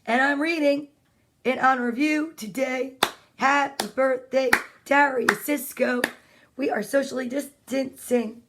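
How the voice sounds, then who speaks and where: A woman's voice: high-pitched, fairly even intonation, measured pace, fairly bright tone, slight background noise. A woman reading children's storybooks live from home, playful and chatty, greeting her viewers by name between pages. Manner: playful, exclaims over the pictures.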